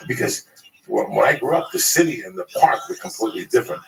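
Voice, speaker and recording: A man's voice: mid-range voice, big pitch swings, quick pace. A man telling rambling, profane street stories in a casual group conversation. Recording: distant mic with clear background noise.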